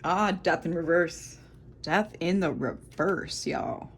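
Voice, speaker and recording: A woman's voice: fairly low pitch, slow, a little hiss or hum. A woman in her thirties giving a casual, rambling tarot reading to camera, thinking aloud with many fillers. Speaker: tarot reader.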